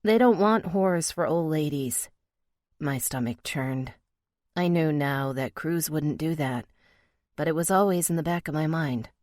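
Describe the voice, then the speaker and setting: A woman narrating a romance audiobook in the first person, expressive in the dialogue. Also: low-pitched, measured pace, dry recording, clean studio sound.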